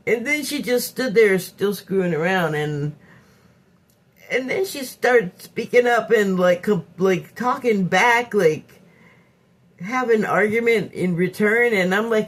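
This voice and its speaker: Woman venting on camera, animated, swears a lot, does both sides of the fight. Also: medium pitch, moderate pace. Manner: animated, candid storytelling with frequent swearing; acts out both sides of a quarrel in quoted voices. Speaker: vlogger. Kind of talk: casual spoken monologue.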